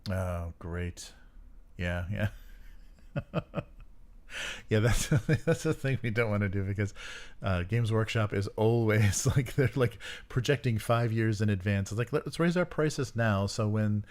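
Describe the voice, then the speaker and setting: A podcast co-host chats casually about tabletop games, rambling with lots of fillers and frequent chuckles. His voice is on the low side and a little mellow, a bit slow, with frequent pauses.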